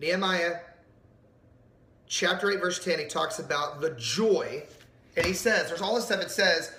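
A man's voice: high-pitched, unhurried, roomy sound, slight background noise. Emphatic man preaching a sermon. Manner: animated, emphatic, asks the audience questions. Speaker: pastor.

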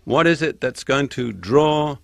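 An older man giving a Bible teaching, slowing down to stress each quoted verse. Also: mid-range voice, animated, creaky, dry recording. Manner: slows down and stresses quoted scripture. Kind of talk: sermon-style Bible teaching.

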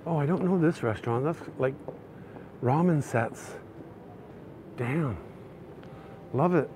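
A Canadian man narrating a casual walking tour of city streets, chatty and excitable. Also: fairly high pitch, slow pace. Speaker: vlogger. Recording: faint outdoor street noise. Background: faint traffic and street noise.

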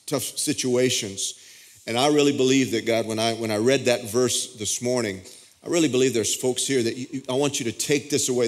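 A man preaches from the pulpit into a stage microphone, his pitch sitting in the middle range. He talks to the congregation in a conversational way and often restarts his sentences mid-thought. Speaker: pastor. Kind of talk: sermon. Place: church auditorium.

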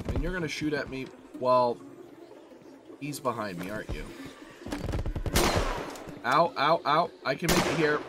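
Amid background noise, a medium-pitched man hosting a horror let's play for his gaming channel jokes around, talks to the enemy, and yelps whenever he's hit.

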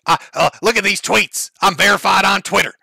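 Man, mocking commentary host, profane, high voice, dry close sound. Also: brisk, vocal fry, pushed and bright, breathy edge, no echo. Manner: mocking, profane, laughs often.

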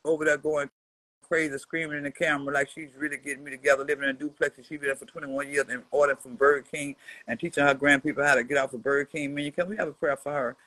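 A brash woman in her seventies rants at a rival in a profane, mocking response video. She swings between muttered asides and loud jabs. Her voice sounds close and dry, with no room echo. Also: low voice, fairly even intonation, fast. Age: 70s. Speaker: social media personality answering a rival. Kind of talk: profane trash-talking response rant.

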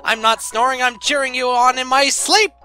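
Lazy sleepy monster dude, guy doing the voice yelling cheeky and high, pushed way up. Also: fairly even intonation, normal speed, faint music behind, full character voice. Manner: loud, cheeky, high-pitched.

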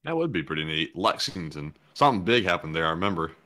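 A man's voice: low-pitched, very animated, fast, bright, forceful tone, a little hiss or hum. A man co-hosting a show, chatting casually and making dry jokes, laughing at himself. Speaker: co-host. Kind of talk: casual banter on a live show.

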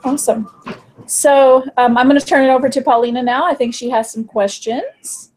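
Higher-voiced woman host, hesitant questions. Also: normal speed, darkish tone. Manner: hesitant, many ums while forming questions. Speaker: podcast host. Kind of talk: interview questions.

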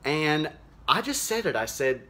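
A man playing a cheerful, naive small-town mom, talking in a folksy, rambling way with many fillers in a deadpan comedic monologue. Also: fairly high pitch, measured pace, exaggerated voice. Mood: chirpy. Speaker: social media show host character.

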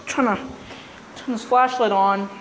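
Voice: medium pitch, fairly even intonation, unhurried, slight background noise. A vlogger nervously narrating a casual exploration inside a wet, icy tunnel, hesitant and full of fillers. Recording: loud music over the voice.

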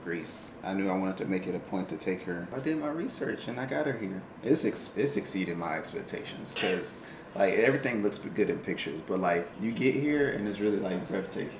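A man's voice: sits low, expressive, brisk, roomy sound, background noise. A man chatting casually for his wife's vlog, laid-back and joking with slang. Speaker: vlogger's husband. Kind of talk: casual chat.

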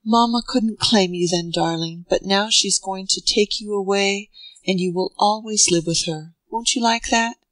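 A woman reading aloud and voicing a grieving young mother who speaks softly and tenderly to her child. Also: medium pitch, normal speed, no room sound, close to an everyday voice, poor audio. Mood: coaxing. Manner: soft, tender.

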